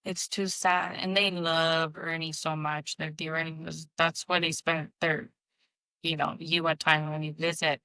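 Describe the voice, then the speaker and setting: Woman in her 30s chatting on a podcast, kinda low pitch but bright clear tone, lots of "like" and restarts. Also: little pitch movement, no room sound, poor audio. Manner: halting, many restarts and fillers. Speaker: podcast co-host. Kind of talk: casual heartfelt conversation.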